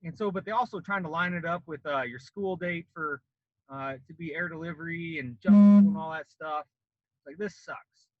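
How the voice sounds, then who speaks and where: A man in his late thirties from Colorado, a former Marine, tells a long, casual story on a podcast at a moderate pace. His slightly high voice turns animated as he acts out the voices of the people in it, and the sound is lo-fi.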